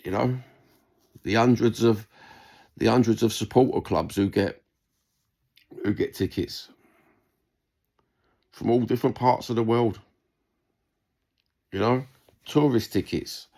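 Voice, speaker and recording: A man's voice: lowish voice, slow, long pauses, warm tone. A man with a London accent delivering a heated, sweary rant to camera in reply to a comment, repeating his points. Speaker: vlogger responding to a comment.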